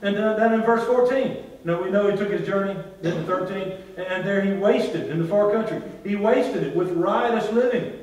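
A man preaching a sermon as pastor, drawing responses from the congregation and swinging between loud and hushed delivery. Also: high-pitched, normal speed, hardly any pauses. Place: large church hall. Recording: very echoey church hall, from far off.

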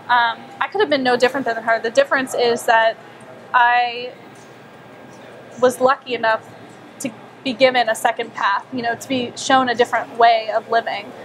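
A young woman telling a personal story to a small group, animated and chatty, acting out her own thoughts and saying "like" a lot. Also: a little high, a little hiss or hum. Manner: animated, acts out her own inner voice, frequent "like". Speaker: wellness speaker. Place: small meeting room with a group.

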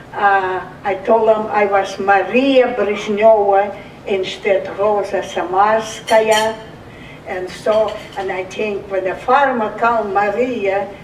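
Her voice is mid-range and sits far from the mic in an echoey room, with faint hiss or hum. She is a survivor in her eighties from Russia, recounting her life in plain, broken, accented English as personal testimony.

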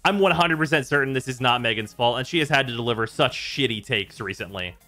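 A man's voice: mid-range voice, fast, faint music behind. A man hosting a gaming stream, ranting in casual chat with lots of swearing. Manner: exasperated, swearing, animated rants. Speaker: streamer host.

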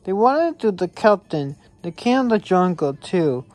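Slow, mellow woman reading a storybook. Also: lowish voice, big pitch swings. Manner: slow, halting reading with stumbles. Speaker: reader. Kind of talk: reading a children's picture book aloud.

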